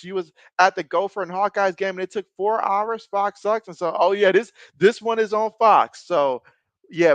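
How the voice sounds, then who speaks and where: A man in his thirties hosting a casual live stream, calling football plays and reading viewer chat aloud, reacting loudly to big plays. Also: high-pitched, no room sound, dull audio. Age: 30s. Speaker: live-stream sports host.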